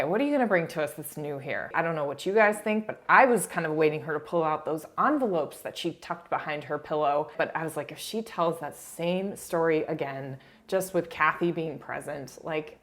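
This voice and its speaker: Chatty woman with a low voice, breezy TV recap, lots of asides and giggles. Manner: chatty, frequent "like", laughs while talking. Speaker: reality TV recap YouTuber. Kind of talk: casual commentary.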